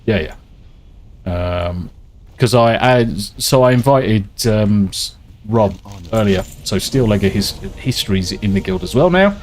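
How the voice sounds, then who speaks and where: A man's voice: on the low side, expressive, a little slow, a little mellow, a little hiss or hum. A man chatting casually and swearing a lot while he streams a game and reads out viewer messages. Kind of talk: casual gameplay chat.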